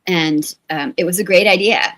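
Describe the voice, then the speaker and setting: A middle-aged woman author talking in a lively, chatty way during an interview. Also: lowish voice, normal speed. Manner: lively, talkative, self-deprecating. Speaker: author guest and co-founder. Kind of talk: conversational interview.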